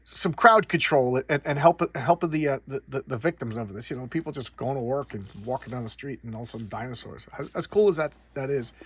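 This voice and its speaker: A man's voice: on the high side, no room sound. Rambling, stammering middle-aged man. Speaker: comic book collector host. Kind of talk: casual comic review.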